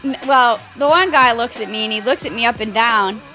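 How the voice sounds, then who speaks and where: A woman's voice: on the high side, brisk, soft background music. A woman, an actress, chatting on a commentary track and telling stories with acted-out quotes. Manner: lively storyteller, acts out quotes. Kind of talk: casual commentary chat.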